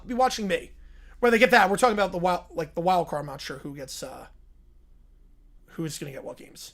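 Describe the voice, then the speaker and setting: A male streamer chats on a live reaction stream. His pitch swings widely as he goes from goofy bits to dry, deadpan asides. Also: a little fast, pauses often. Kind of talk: livestream reaction chat.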